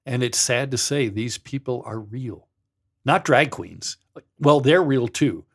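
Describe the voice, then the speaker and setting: A man's voice: mid-range voice, takes it slowly, fairly bright tone, breathy edge. Middle-aged guy ex-pastor podcaster, mocking sarcastic rant, acts out the quotes. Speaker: podcast host, former pastor. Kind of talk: sardonic monologue.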